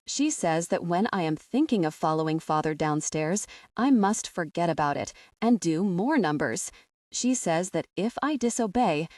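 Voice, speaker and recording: A woman narrating a fantasy audiobook in the first person, with a measured, expressive reading. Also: lowish voice, no room sound. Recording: dry, somewhat distant from the mic.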